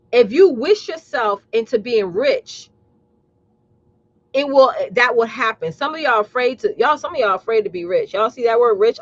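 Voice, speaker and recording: A woman's voice: on the high side, a bit bright, no echo, lo-fi sound. A woman business coach hosting a live talk, blunt and sassy, calling her audience y'all and preaching about mindset. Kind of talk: live streamed motivational talk.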